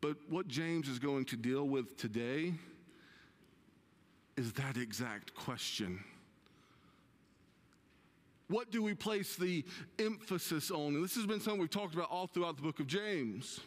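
A man preaching a sermon as pastor, conversational and slowing down to stress key words. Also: on the high side, expressive, big-room sound. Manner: conversational, slows down for emphasis. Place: church sanctuary.

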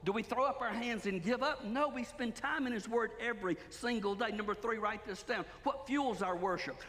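A man's voice: high voice, moderate pace, hardly any pauses, a bit bright. A man preaching a sermon as pastor, emphatic and full of rhetorical questions. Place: church sanctuary. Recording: long hall reverb.

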